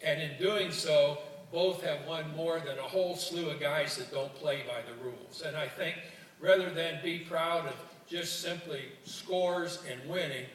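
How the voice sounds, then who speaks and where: A man's voice: fairly high pitch, unhurried. An older man from Ohio, a former coach, giving a folksy luncheon speech with jokes and stories, often repeating words as he restarts. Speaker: guest speaker, former coach. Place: university student union luncheon hall. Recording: roomy hall, distant mic, faint room noise.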